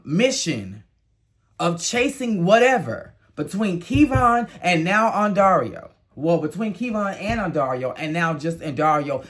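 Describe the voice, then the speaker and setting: A man talking casually in a review vlog. He gives blunt, emotional opinions and now and then jumps up into high exclamations. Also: a bit bright. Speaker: reality TV reviewer.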